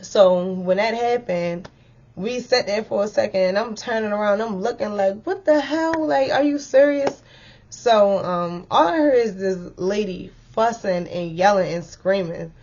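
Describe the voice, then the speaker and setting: A young woman chatting through a storytime vlog, animated and full of fillers, on a dull lo-fi recording. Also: mid-range voice, unhurried. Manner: chatty and animated, filler-heavy, lively retelling.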